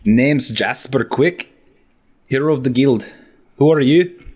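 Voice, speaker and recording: A man's voice: mid-range voice, slow pace, a little mellow, breathy edge, pitched above the performer's own voice. A man voicing a lean, wiry elven male guild hero in a put-on bad Scottish accent, brash and chummy.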